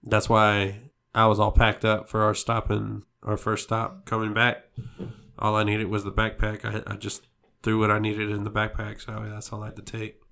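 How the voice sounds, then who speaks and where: A man's voice: fairly low pitch, monotone, normal speed, creaky, sharp tone. A man co-hosting a podcast in casual chat, laid-back and profane, laughing often. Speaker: podcast co-host.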